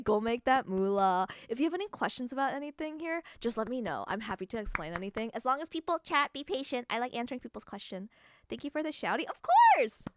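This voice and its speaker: A young woman from California streaming live as a cat VTuber, chatting with her viewers in an excitable, giggly way, swearing often and breaking into squeals. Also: fairly high pitch, slight background noise.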